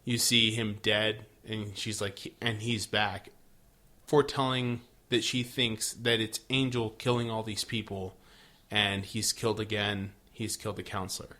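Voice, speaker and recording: A man's voice: fairly low pitch, fairly even intonation, normal speed, bright, forceful tone. A man co-hosting a casual podcast, recapping an episode in a laid-back way, swearing and acting out the characters' lines. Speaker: podcast co-host.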